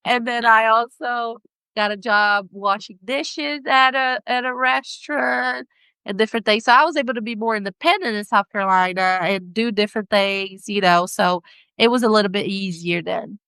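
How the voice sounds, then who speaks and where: A woman's voice: fairly high pitch, normal speed, sharp tone, clean tone, dry recording. A middle-aged woman speaking English with a non-native accent, chatting as a podcast guest and laughing often as she searches for words. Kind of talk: casual interview chat.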